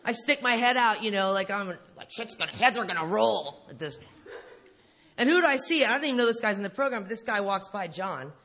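Bright-voiced, blunt woman speaker. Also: mid-range voice, animated, a little fast. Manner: blunt and profane, laughing often. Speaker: recovery meeting speaker. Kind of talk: candid storytelling talk to an audience. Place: live speaking event.

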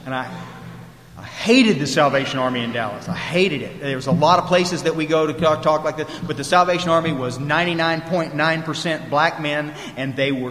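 Guy telling his recovery story, kinda high voice, lots of stops and restarts, big echoey hall. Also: a bit bright. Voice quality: drawling, lots of restarts and repeated words. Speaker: recovery speaker. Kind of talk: storytelling talk to a group. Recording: echoey hall with long reverb.

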